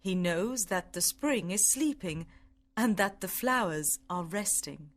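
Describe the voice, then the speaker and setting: A woman reads a children's story aloud at an unhurried pace, each sentence short and clearly spoken. Her pitch is middling and her delivery is careful and measured, suited to English learners. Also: lively intonation. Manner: careful, simple, evenly paced reading.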